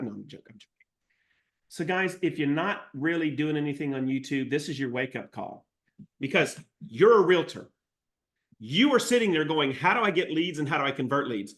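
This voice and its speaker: A man with a slightly high voice, running a live coaching session for real estate agents. He talks with energetic, salesy enthusiasm and drops in jokes as he goes. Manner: energetic, jokey, salesy pep talk. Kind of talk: live training webinar.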